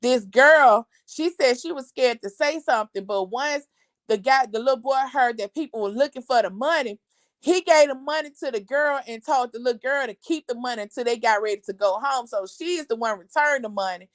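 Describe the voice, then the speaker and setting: A middle-aged woman hosting a family live show, telling a story in an animated, expressive way. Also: fairly high pitch, fairly quick, dry recording. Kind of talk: casual storytelling chat.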